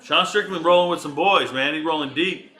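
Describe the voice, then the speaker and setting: A man runs a casual live reaction stream, cracking jokes and addressing his viewers directly while staying loose and chatty. He talks fairly quickly, his voice a touch high with a bright, forward quality.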